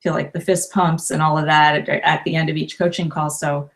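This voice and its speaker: A woman in her fifties, a life coach and author, talking warmly and emotionally in a casual interview, with many restarts. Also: low voice, little pitch movement, fairly quick.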